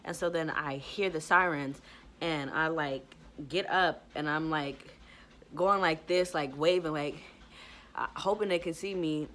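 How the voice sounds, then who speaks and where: Low-pitched and unhurried, with a slightly bright quality, a woman podcaster chats to camera about something that happened to her. Her retelling wanders, leans heavily on "like," and includes her acting out her own earlier words.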